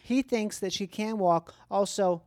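A man's voice: sits high, a little slow, a little mellow, dry recording, clean studio sound. A man hosting a casual comedic chat, playful and riffing in mock accents.

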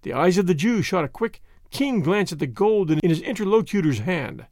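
A man narrating a novel with an expressive storytelling delivery. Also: high-pitched, fairly quick, no room sound, clean studio sound. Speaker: audiobook narrator.

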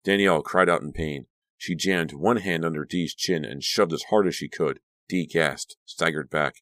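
A man narrating an audiobook with a dramatic, expressive reading. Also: a bass voice, moderate pace, dry recording.

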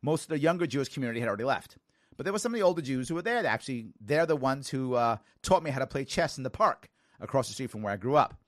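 A man in his forties from the Bronx, hosting a talk show and telling stories with lively quoted voices. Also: medium pitch, quick pace, no room sound, clean studio sound. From New York (the Bronx). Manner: animated storytelling with quoted voices.

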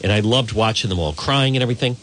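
A man's voice: on the low side, quick pace, fairly bright tone. A man hosting a morning radio talk show, boisterous and exuberant, greeting listeners by name.

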